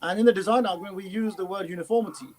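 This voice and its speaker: A man's voice: high voice, rapid-fire, a crowd in the background, low-quality recording. A man explaining an idea in a casual chat, with hesitant fillers and restarts. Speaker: guest speaker.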